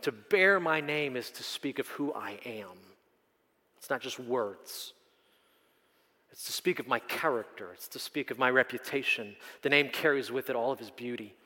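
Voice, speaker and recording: A man in his thirties preaching a sermon, telling stories with animated delivery and acting out the people in them. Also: mid-range voice. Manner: animated storytelling, acts out characters. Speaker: pastor. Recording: echoey hall.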